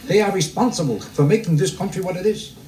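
A man doing a stand-up routine for a live audience, grumbling deadpan and tossing rhetorical questions at the crowd. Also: high-pitched, quick pace. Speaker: stand-up comedian. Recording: roomy live club recording, mic heard from a distance. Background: audience laughter.

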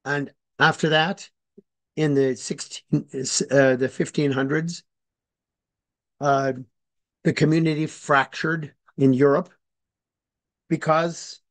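A man giving an informal lecture, hesitant and deliberate with many fillers and restarts, explaining slowly and spelling words out. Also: a little high, fairly even intonation. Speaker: speaker on religious history.

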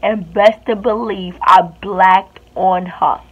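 Husky and medium in pitch, a young woman's voice keeps a steady tone and takes its time as she recounts an indignant, emphatic storytime vlog. Faint hiss runs under the dull, lo-fi recording.

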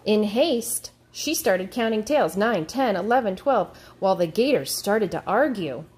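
Teacher lady reading a kids book aloud, slow, lots of ups and downs in her voice. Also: medium pitch. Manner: slow, expressive storytelling. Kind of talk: storybook read-aloud.

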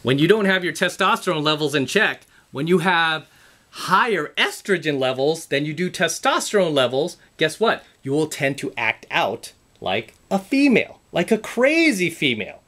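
A man with a slightly high, sing-song voice talks at a normal pace, his tone pushed and bright. He's a self-improvement vlogger delivering a blunt, profane motivational talk to camera, emphatically lecturing his viewers, repeating himself and calling them "guys".

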